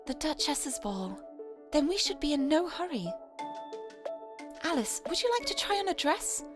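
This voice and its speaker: A British woman voicing a reserved, gentle queen from a fairy-tale game, speaking softly and unhurriedly. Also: sits high, big pitch swings, normal speed, music in the background, pitched above the performer's own voice.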